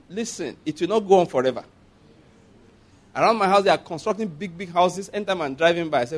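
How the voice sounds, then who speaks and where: A man's voice: high voice, animated, fairly quick, breathy edge. A man with a Nigerian accent preaching a sermon in a conversational way, asking the congregation for responses and laughing at his own asides.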